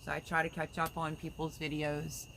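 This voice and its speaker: A woman's voice: sits low, completely flat delivery, normal speed, vocal fry, fairly bright tone, slight background noise. A woman hosting a casual livestream, chatting with viewers, reading their comments aloud and sending prayers. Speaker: livestream host.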